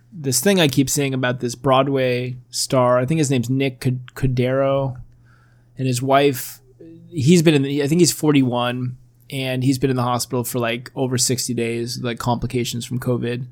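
A man's voice: mid-range voice, little pitch movement, unhurried. A man in casual chat as a podcast co-host, rambling with lots of fillers and the odd swear word.

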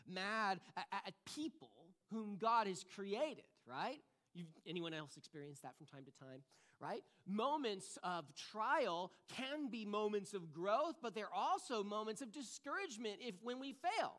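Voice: medium pitch, animated, measured pace, fairly bright tone. A pastor teaching a conversational sermon, chatty and self-deprecating, full of restarts and fillers, often checking in with "right?". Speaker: pastor teaching a discipleship series.

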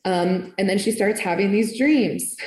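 An earnest woman tells her faith story in casual, heartfelt speech, with plenty of "like" as she goes. Her pitch sits in the middle. The recording is echoey, as if made in a bare room. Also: unhurried, darkish tone. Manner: earnest and emotional, lots of "like". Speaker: faith testimony speaker. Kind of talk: personal testimony, casual.

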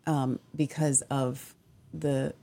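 Woman co-host, low voice, wry and joking, casual news chat. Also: flat delivery, takes it slowly, vocal fry, dark tone.

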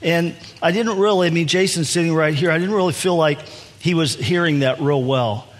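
A man's voice: on the high side, normal speed. A man in his sixties, a pastor telling a story in a sermon, often restarting and repeating words as he goes. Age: 60s. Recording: long hall reverb.

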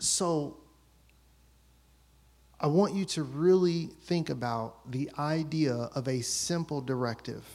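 A man's voice: on the high side, takes it slowly, pauses often, a little mellow. A man in his thirties preaching a sermon as pastor, telling a story about his children and acting out their voices.

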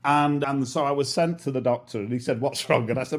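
British guy, husky voice, jokes at his own expense, pitch bounces all over. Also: expressive, fast talker, few pauses. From Britain. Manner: self-mocking, laughs often. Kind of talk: casual chat.

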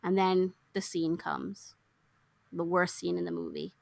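A young woman casually recapping a film plot, acting out the characters' lines with lively swings. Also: fairly low pitch, unhurried, creaky, no room sound, studio quality. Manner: animated storyteller, acts out characters' lines. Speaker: podcast co-host recapping a film. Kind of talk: casual chat.

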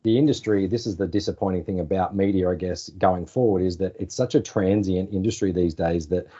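A very low-voiced Australian man in his forties tells anecdotes in an easygoing, chatty way. His tone is dark and mellow, and he acts out the phone calls he quotes. The podcast audio sounds slightly dull. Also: fairly even intonation, brisk, slightly rough. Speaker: podcast guest, former sports journalist. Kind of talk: casual storytelling interview.

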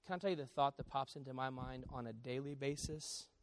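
A man preaching a sermon as pastor, swinging between quiet confession and loud storytelling. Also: mid-range voice, fairly quick, a little hiss or hum.

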